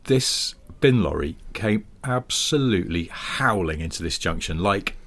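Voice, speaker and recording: Lively, low-voiced man telling a story. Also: a little slow. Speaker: podcast co-host. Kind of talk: casual chat. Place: home.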